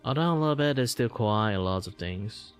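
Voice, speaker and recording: A man's voice: on the low side, animated, a little fast, clean tone. A man from Malaysia with a Malaysian English accent, chatting casually on a livestream as host, rambling with many fillers and the odd swear. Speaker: vtuber streamer. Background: faint background music.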